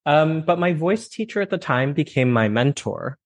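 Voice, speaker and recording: A man from Canada, a voice teacher, talking as a guest in a conversational interview, thoughtful and expressive with many fillers. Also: fairly high pitch, normal speed.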